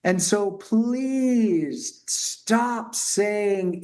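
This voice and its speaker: A middle-aged male pediatrician talking earnestly and haltingly with many restarts in a conversation. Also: high voice, lively intonation, darkish tone. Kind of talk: conversational interview talk.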